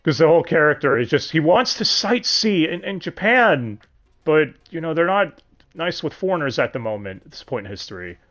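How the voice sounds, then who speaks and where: A man hosting a casual livestream chat, animated, swearing freely and laughing often. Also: a little high, a little fast. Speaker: podcast host.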